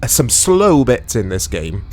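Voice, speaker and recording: A man's voice: medium pitch, very animated, slow, dark tone. A British man hosting a gaming channel, giving casual, rambling, self-deprecating commentary while he plays. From United Kingdom. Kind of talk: casual let's-play commentary.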